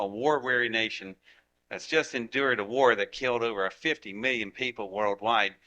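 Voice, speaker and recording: Bright-voiced older man spinning tales. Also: medium pitch. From Ohio, United States. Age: 70s. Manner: acts out dialogue with lively voices. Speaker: guest storyteller. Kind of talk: animated anecdotal storytelling.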